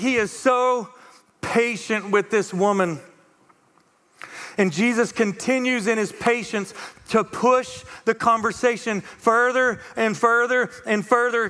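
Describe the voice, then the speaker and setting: A man preaching a conversational, animated sermon as pastor, acting out the voices of the people he quotes. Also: very high voice, long reverb tail. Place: church auditorium.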